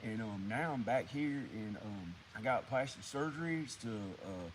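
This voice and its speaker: A man voicing an older drifter who tells his story haltingly, with many pauses and ums. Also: fairly low pitch, animated, a little hiss or hum, pitched below the performer's own voice, poor audio. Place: woods outdoors.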